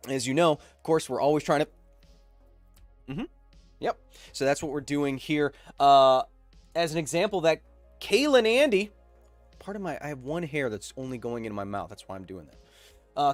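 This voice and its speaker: A man's voice: mid-range voice, dry recording. A man hosting a live science stream, talking in a playful, joking way with rambling asides. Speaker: host.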